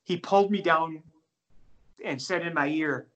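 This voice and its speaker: A middle-aged man, a jazz pianist, telling animated, self-deprecating stories in a casual interview. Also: fairly high pitch, unhurried. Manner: animated, self-deprecating anecdotes with many restarts.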